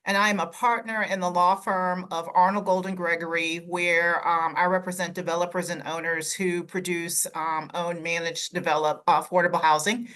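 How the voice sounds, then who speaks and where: Low-voiced woman lawyer. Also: level tone, moderate pace, few pauses, a bit bright. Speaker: lawyer, advisory council member. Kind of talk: casual self-introduction.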